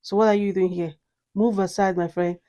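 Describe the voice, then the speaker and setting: A woman's voice: medium pitch, fairly even intonation, normal speed, mellow, dull audio, natural voice. A woman voicing a bossy, sassy female rose perfume that pushes others aside. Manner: pushy, teasing, demanding.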